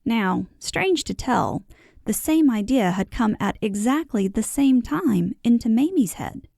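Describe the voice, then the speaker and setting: Woman narrator for a classic children's storybook: unhurried and lilting, with a mellow, gravelly tone. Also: fairly high pitch, no room sound, clean studio sound. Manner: expressive, lilting delivery that voices the characters. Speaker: audiobook narrator.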